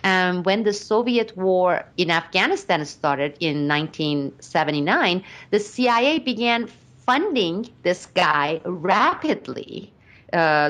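A middle-aged woman giving commentary as a podcast guest, speaking deliberately and emphatically with frequent pauses. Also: on the low side, fairly bright tone. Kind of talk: casual podcast discussion.

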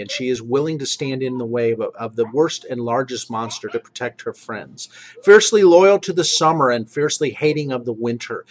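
A man game master giving an earnest, rambling recap and introducing characters for his tabletop group. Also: medium pitch. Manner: earnest, rambling, self-correcting.

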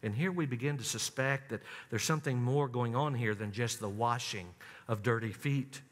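A man preaching a sermon, telling the story dramatically and swinging from high, loud emphasis down to low, hushed lines. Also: normal speed. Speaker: pastor. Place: church sanctuary. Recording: long church reverb.

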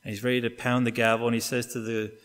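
A middle-aged Canadian pastor delivers a sermon, using vivid stories and acting out what each person says. His voice has a middle pitch, and it carries a long reverb through the church hall. He moves from hushed, slow lines to louder, quicker bursts. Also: level tone, clear, resonant tone. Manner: storytelling with acted-out quotes, wide swings in loudness and pace. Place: church sanctuary.

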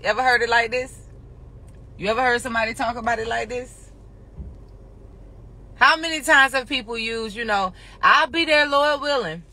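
A woman's voice: a little high, normal speed, long pauses, sharp tone. A woman talking casually on a phone live stream as a spiritual teacher, chatty and folksy, calling listeners honey and y'all.

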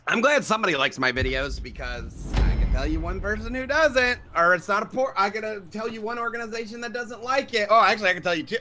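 A man streaming a shooter game, talking to chat and teammates, swearing and bursting into shouts. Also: high voice, quick pace, hardly any pauses. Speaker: gaming streamer. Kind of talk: live gameplay commentary. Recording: game music under the voice.

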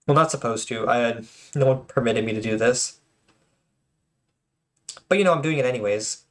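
At a moderate pace and with a mid-range voice, a man casually commentates on game replays. He stutters and restarts words often and, self-conscious, drops in apologetic asides.

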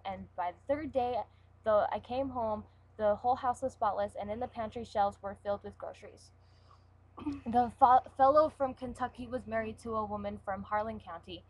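A young woman, a sick web show co-host, reading jokes aloud casually on a home webcam and letting her sentences trail off quietly. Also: mid-range voice, low-quality recording.

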